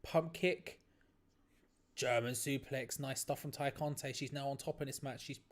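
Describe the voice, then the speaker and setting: A man hosting a live stream, giving excitable play-by-play reactions to a match, laughing often and restarting his phrases. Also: medium pitch, moderate pace. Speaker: watch-along stream host.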